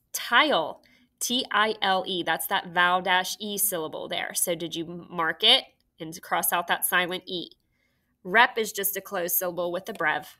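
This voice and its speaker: A woman teaching a phonics lesson to young children, giving slow, clear, encouraging instructions. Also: on the low side, pushed and bright.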